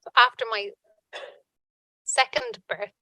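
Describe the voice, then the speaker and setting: A woman giving earnest personal testimony at a conference panel, halting with frequent restarts. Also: fairly high pitch, steady tone, bright, forceful tone, dry recording, rough recording.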